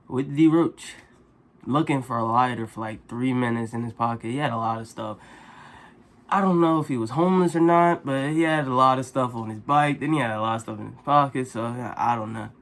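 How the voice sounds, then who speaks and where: A man vlogger telling a casual story in an animated, exasperated, slangy way. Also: medium pitch, normal speed.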